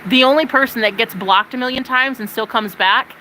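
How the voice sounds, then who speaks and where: A woman livestreamer ranting to her chat in casual, profane, animated talk. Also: on the high side, a little fast, slight background noise, poor audio.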